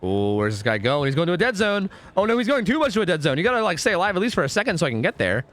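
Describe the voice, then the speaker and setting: Lively young male game streamer. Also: sits high, very fast. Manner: rambling, swears a lot, swings between groans and excited outbursts. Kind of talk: live gameplay commentary.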